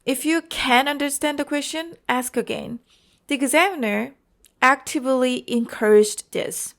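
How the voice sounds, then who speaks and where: A woman's voice: sits high, a little slow, fairly bright tone. A woman with a Korean accent teaching an IELTS exam-prep lesson, explaining carefully and often checking in with "okay?" and "you know".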